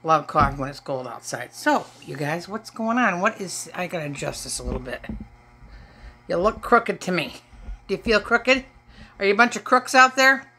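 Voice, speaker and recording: Chatty middle-aged woman from Michigan, playful asides, bright voice. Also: fairly low pitch, very animated, moderate pace. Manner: chatty, joking asides to viewers. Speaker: haul vlogger. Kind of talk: casual haul chat to camera.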